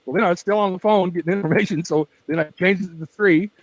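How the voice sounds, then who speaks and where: A man hosts a true-crime channel from home, chatting and rambling casually on a livestream with his pets nearby and laughing a lot. His voice is high and quick but weak and tires easily, captured very close to the mic in a low-quality recording with no echo.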